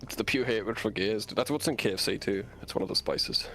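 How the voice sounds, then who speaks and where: A man's voice: lowish voice, brisk, fairly bright tone. A man co-hosting a stream, teasing and joking in casual chat. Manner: joking, teasing, calls people dude. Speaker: stream co-host.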